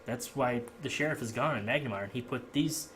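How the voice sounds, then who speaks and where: A blunt, serious woman mayor in a tabletop game, as a man puts her on. She speaks in a bright, forceful voice with level, everyday pitch and clipped, businesslike phrasing. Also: a little fast, slight background noise, natural voice. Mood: stern. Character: stern no-nonsense female town mayor.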